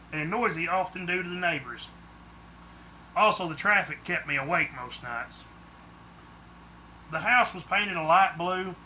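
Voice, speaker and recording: A man reads his own book aloud as plain first-person audiobook narration. His voice is high and very bright, with a sharp edge. The storytelling is steady and unadorned. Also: a little hiss or hum.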